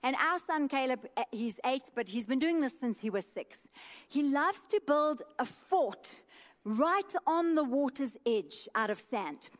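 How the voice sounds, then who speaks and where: A woman's voice: high voice, expressive, a little slow. A woman pastor in her thirties preaching a sermon with an emphatic, repetitive cadence.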